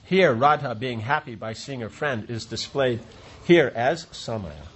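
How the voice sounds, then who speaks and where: A man's voice: medium pitch, lively intonation, unhurried, fairly bright tone, slight background noise. A man reading a devotional play aloud, with stage directions, footnotes and brief offhand asides. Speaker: reader.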